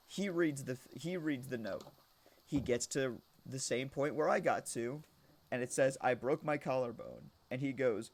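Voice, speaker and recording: A young man streaming a game, casually telling a rambling story with lots of restarts, now and then shouting a punchline. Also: mid-range voice, lively intonation, normal speed. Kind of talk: casual storytelling while gaming.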